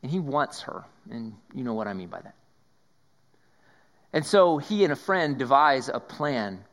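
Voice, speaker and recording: A man preaching a sermon, swinging between raised emphasis and hushed whispers and often repeating his words. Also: mid-range voice, big pitch swings, unhurried. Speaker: pastor.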